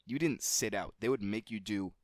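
A man co-hosting a podcast, telling a childhood story in a casual, animated way and swearing freely. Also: moderate pace, no room sound. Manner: animated, gets louder and higher at the story's climax. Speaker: podcast co-host.

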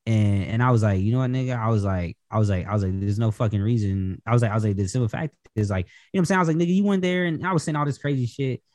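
A man's voice: on the low side, racing, few pauses, a little mellow, dry recording, clean studio sound. A young man casually telling a long, profane family story on a podcast, acting out the dialogue. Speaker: podcast co-host.

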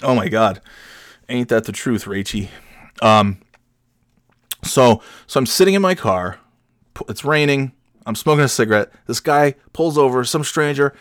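A man's voice: medium pitch, lively intonation, normal speed, long pauses, no room sound, clean studio sound. A middle-aged man hosting a podcast, telling a comic story in a rambling, self-mocking way that drops into mumbles. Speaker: podcast host.

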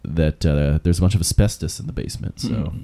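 A man on a podcast, casually sharing behind-the-scenes facts in a relaxed way. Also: extremely low pitch, fairly quick, vocal fry. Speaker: podcast co-host. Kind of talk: casual chat sharing trivia.

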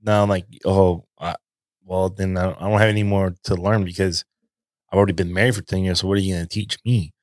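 Deep-voiced man hosting a podcast. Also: steady tone, no echo, clean studio sound. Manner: measured questions, frequent short agreements. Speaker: podcast host. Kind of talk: casual podcast conversation. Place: podcast studio.

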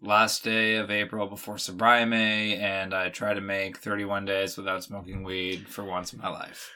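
A man's voice: fairly low pitch, little pitch movement, moderate pace, bright, forceful tone, clear, resonant tone. A young man with a sick voice hosting a podcast in casual, rambling chat. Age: young adult. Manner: rambling, many "like" fillers. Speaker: podcast host.

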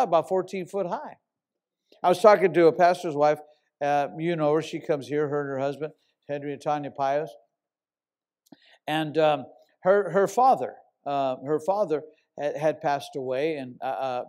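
A pastor telling a long personal story in a sermon, animated and casual, sometimes bursting into loud shouts. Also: male voice, on the high side.

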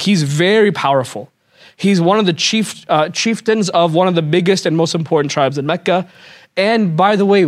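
Animated man telling a religious story. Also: fairly high pitch, no echo, clean studio sound. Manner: animated, casual slang, acts out characters' lines. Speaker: Islamic teacher. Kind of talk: lively storytelling lecture to a live audience.

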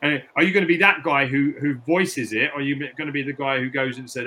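Bright-voiced British man reflecting in an interview. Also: mid-range voice, steady tone, quick pace, hardly any pauses, a little hiss or hum. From United Kingdom. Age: middle-aged. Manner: reflective, repeats words and restarts often. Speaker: interview guest, personal trainer. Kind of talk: candid interview conversation.

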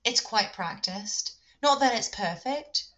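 A woman's voice: medium pitch, expressive, takes it slowly, a bit bright, highs cut off. A woman doing a practiced put-on British accent in casual chat. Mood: playful.

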